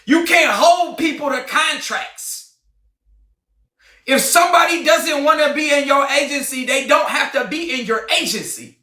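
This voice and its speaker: A man in a heated, confrontational livestream rant, often shouting. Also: very high-pitched, a little slow, recorded from a distance. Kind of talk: ranting livestream monologue. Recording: roomy, off-mic sound.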